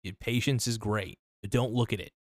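A man hosting a casual solo podcast, talking in a loose, rambling, profane way with many restarts, his voice a little worn and hoarse. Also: on the low side, fairly even intonation, fairly quick, no echo, studio quality. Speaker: podcast host.

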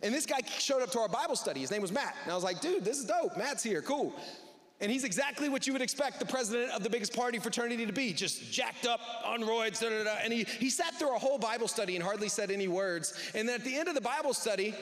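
A man's voice: very high voice, quick pace, few pauses, fairly bright tone, big-room sound. A male pastor preaching a sermon in a conversational way, acting out what people say. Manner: conversational, acts out quoted voices. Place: church service.

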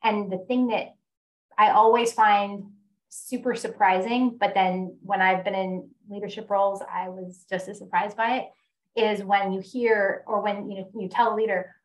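A woman's voice: medium pitch, flat delivery, moderate pace, poor audio. Candid, self-deprecating woman. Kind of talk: casual conversation.

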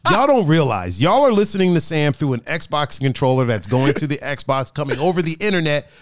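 A man's voice: on the high side, big pitch swings, a little fast, no room sound, studio quality. A man hosting a casual podcast, joking and rambling with restarts as he reads out the live chat.

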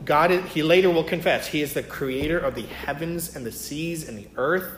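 A man's voice: on the high side, moderate pace, a bit bright, a little hiss or hum. Man teaching scripture in an echoey room. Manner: conversational, many fillers and "right?" checks. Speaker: Bible teacher. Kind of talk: casual Bible teaching.

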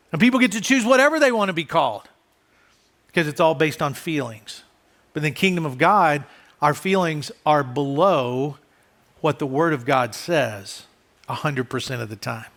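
A man, a pastor, preaching a conversational sermon who often drops soft and low for emphasis. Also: lively intonation, normal speed, pauses often.

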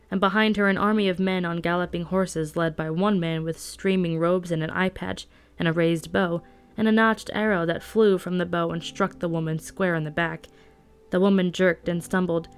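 A woman reading a novel aloud at a steady storytelling pace. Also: fairly low pitch, clear, resonant tone. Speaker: audiobook reader. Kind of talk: scripted narration.

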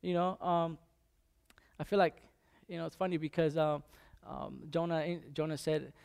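Guy preaching a laid-back sermon, kinda gravelly, lots of uh and um and restarts. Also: fairly high pitch, steady tone, darkish tone. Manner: halting, many restarts and fillers, conversational. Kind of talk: informal sermon.

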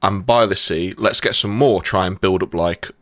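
A young man hosts a relaxed podcast with friends. He laughs easily and stumbles through fillers as he talks. His voice sounds close and dry, with almost no room around it. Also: low-pitched, moderate pace, dry recording. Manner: laughing, joking, hesitant with fillers. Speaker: podcast host. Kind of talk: casual podcast chat.

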